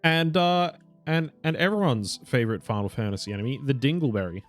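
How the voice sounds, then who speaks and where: A man's voice: medium pitch, fairly quick, soft background music. A young man casually commenting on his own game stream, rambling, correcting himself, swearing and laughing now and then. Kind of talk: casual live gameplay commentary.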